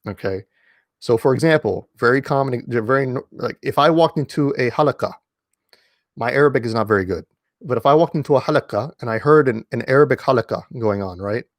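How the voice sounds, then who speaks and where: In a clean, dry studio-quality recording, a man with a medium-pitched voice speaks briskly. He's an online commentator giving a casual, lecture-like talk from indoors at home, emphatic and repetitive, hammering key words amid frequent fillers and restarts.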